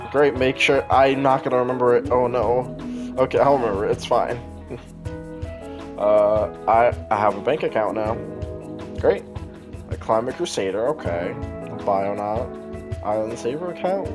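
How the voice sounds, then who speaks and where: Animated sarcastic young man gaming. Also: medium pitch. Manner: sarcastic, jokey, talks to game characters. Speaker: gaming YouTuber. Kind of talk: let's play commentary.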